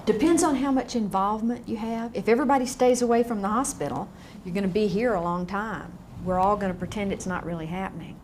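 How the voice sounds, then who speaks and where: A woman lecturing a class on grief in a frank, lively way, often asking the room questions. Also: medium pitch, fast talker, few pauses, slight background noise. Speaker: grief educator. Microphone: on camera, room mic.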